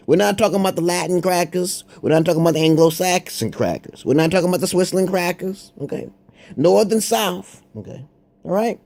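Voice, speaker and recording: A man's voice: on the high side, dark tone. A man rambling through a profane, confrontational monologue to his viewers, with frequent "okay?" asides. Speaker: online commentator.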